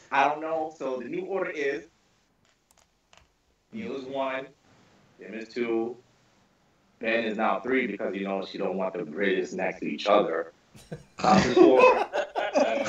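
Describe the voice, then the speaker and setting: A man recounts a story during a casual group podcast, animated and quick to swear, stumbling over and repeating his words as he builds the tale. His voice sits at an ordinary middle pitch. It comes through a roomy, far-off call line with dull, muffled sound. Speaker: podcast panelist.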